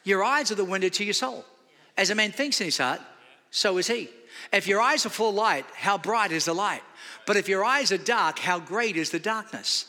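A man's voice: sits high, normal speed, long reverb tail, slight background noise. An Australian man in his fifties preaching a sermon, telling stories with acted dialogue. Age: 50s. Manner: storytelling with acted dialogue, animated. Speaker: pastor. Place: church sanctuary.

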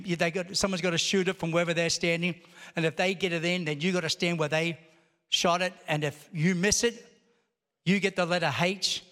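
A man's voice: sits high, fairly bright tone. A male pastor preaching a sermon, telling a story and building to emphatic calls to the congregation. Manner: storytelling, rising to emphatic exhortation. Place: large church auditorium. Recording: long hall reverb.

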